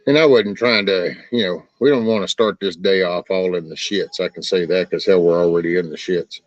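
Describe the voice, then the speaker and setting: A man's voice: deep voice, a little fast, no room sound, muffled recording. A middle-aged man hosting a casual livestream, talking in a folksy, profane, ranting way. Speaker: livestream host. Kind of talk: casual rambling livestream chat.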